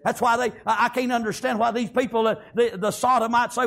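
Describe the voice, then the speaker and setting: A preacher, a man, delivering a fervent sermon. His voice sits very high for a man, with a gravelly rasp, and he keeps punctuating his lines with amens. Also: flat delivery, a little fast, few pauses, a bit bright.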